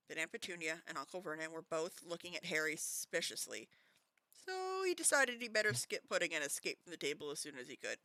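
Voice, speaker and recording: A Canadian woman hosting a casual book club stream, reading a novel aloud in a lively way. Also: sits low, fairly quick, dry recording. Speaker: host, reader. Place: home streaming setup.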